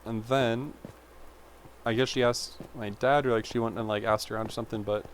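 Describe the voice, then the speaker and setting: At a normal speed and with fairly even intonation, a medium-pitched man in his twenties vlogs through a wandering personal story. He chats away, cuts himself off, leans on "like" and other fillers, and drifts into tangents, with a little hiss or hum underneath.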